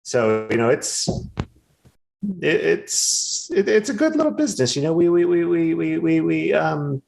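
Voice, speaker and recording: A man's voice: a little high, lively intonation, measured pace, vocal fry, darkish tone, pitched above the performer's own voice, poor audio. A man voicing a friendly, nervous woman harvest worker who stammers and repeats herself eagerly.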